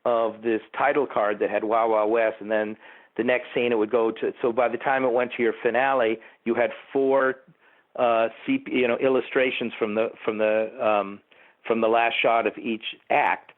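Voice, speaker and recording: A man's voice: mid-range voice, flat delivery, moderate pace. A man, a TV producer being interviewed, rambling through behind-the-scenes anecdotes with asides to the host. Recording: tinny phone-like line.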